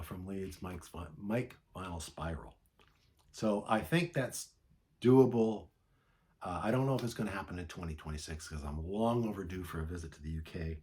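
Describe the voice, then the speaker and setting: Man, very deep voice, rambling casual vlog talk, hiccups, lots of ums and uhs. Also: a little mellow. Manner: rambling, chatty, with many fillers. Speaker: vinyl collector channel host.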